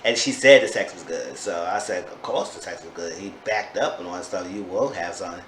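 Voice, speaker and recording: A man's voice: brisk, fairly bright tone. Chatty man recapping in an echoey room. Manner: gossipy, exclaims in sudden high-pitched disbelief. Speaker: TV show reviewer. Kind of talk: casual chatty recap vlog. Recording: echoey room with faint background noise.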